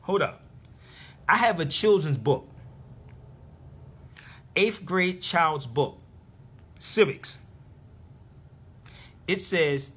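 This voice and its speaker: A husky man lectures on a live stream, hammering home his points and repeating them. His fairly high voice rises and falls in a lively way. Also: slow, long pauses. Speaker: internet radio host.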